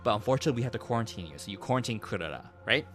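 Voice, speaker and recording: Excitable young man recapping a game. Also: fairly low pitch, very fast, soft background music. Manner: excitable, swears a lot, acts out quotes. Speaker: streamer.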